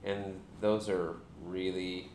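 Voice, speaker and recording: A man's voice: low voice, flat delivery, takes it slowly, darkish tone, slight background noise. A young man, a dad, joking casually with a live stream chat while talking to his baby.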